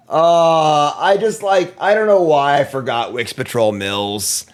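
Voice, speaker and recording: A man's voice: fairly high pitch, takes it slowly, few pauses. A man streaming a card game, giving casual commentary and berating himself for his mistakes after a long, tiring session. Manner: self-deprecating, exasperated outbursts.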